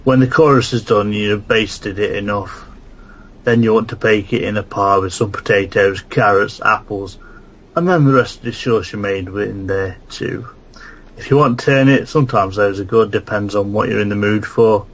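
A man voicing a British-accented man reading out a cooking recipe in a slow, deliberate way, as a comic podcast bit. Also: on the low side. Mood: instructive.

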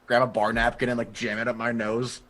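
A man's voice: mid-range voice, level tone, a little fast, fairly bright tone. A man playing a tabletop game, describing his character's actions with a hesitant, filler-heavy way of talking. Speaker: player. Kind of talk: casual chat.

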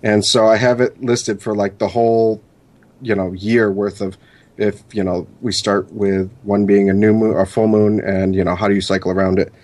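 Man, podcast co-host, lowish voice, rambling, lots of fillers. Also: level tone, moderate pace, darkish tone. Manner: rambling, many fillers when explaining. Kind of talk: casual podcast chat and reading lore notes.

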